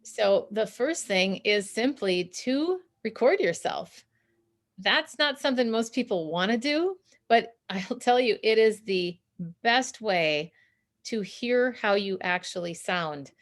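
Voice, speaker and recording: A woman speaking over a video call as a guest, explaining steps for speaking with confidence. She chats in an even, middling pitch and laughs often as she makes her points. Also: takes it slowly. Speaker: guest, communication consultant. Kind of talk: interview answers, coaching advice.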